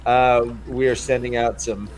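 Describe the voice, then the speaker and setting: A man's voice: medium pitch, level tone, measured pace. A man hosting a podcast, rambling through a casual book discussion with crude jokes. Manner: rambling and joking, with crude humor. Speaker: podcast host.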